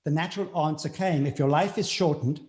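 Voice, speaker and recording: A man with a South African accent talks as an interview guest, earnest and reflective. His voice sits fairly high for a man, and he often repeats his key phrases to drive them home. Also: a little fast, darkish tone.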